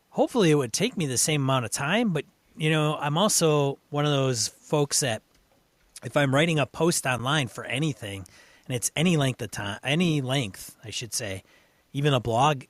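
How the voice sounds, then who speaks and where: A man's voice: mid-range voice, no echo. A man co-hosting a casual gaming podcast, thinking aloud with wry asides. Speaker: podcast co-host.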